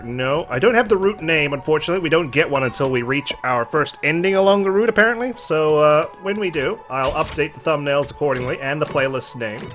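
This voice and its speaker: A man's voice: fairly high pitch, fairly bright tone. A man hosting a let's play, joking and chatting casually while he plays and reads game dialogue aloud. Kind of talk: casual gameplay commentary.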